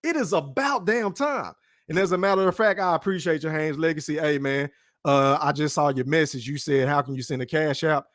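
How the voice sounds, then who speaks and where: A man's voice: fairly high pitch, fairly even intonation, a little fast, no echo, clean studio sound. A man hosting his own podcast livestream, talking in a blunt, profane casual rant from his room and tagging his points with "right?". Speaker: podcast host.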